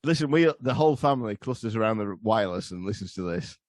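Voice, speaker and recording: A man's voice: fairly low pitch, expressive, fast, no room sound. A man, a podcast guest telling crude, rambling stories in casual chat. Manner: crude, rambling, laughing storyteller.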